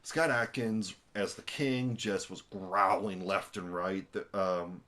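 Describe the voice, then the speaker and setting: A young man talks through a film review in a loose, rambling way, stumbling over restarts and ums. His voice sits a little low, and he grows lively when he retells scenes. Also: takes it slowly. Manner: rambling, animated, with many fillers and restarts. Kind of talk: casual spoken film review.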